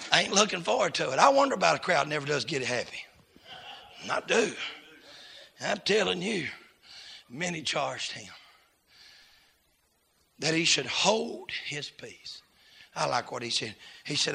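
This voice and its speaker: Preacher man, high sharp gravelly voice, hushed then shouting, revival sermon. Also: animated, moderate pace, long pauses. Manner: swings from hushed storytelling to shouting, Southern US dialect.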